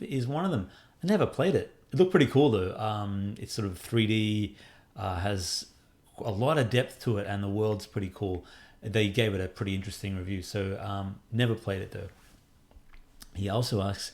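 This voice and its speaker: Chatty middle-aged game developer man. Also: on the low side. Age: 40s. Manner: chatty, self-deprecating, rambling with many fillers. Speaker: indie game developer answering fan questions. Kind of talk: casual Q&A monologue.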